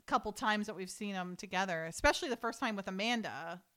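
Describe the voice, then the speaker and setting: A woman's voice: mid-range voice, fast, a bit bright. A woman co-hosting a casual podcast, retelling a TV episode scene by scene and laughing along the way. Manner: chatty retelling, acts out the characters' lines, laughs often. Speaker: podcast co-host recapping a TV episode. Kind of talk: casual chat.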